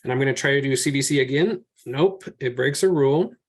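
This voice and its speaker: A man's voice: mid-range voice, fairly quick. A man leads a class through slides in an ordinary, mid-range voice. He works through each example step by step and talks his reasoning through aloud. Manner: patient step-by-step explaining, thinking aloud. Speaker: teacher. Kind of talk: classroom teaching over slides.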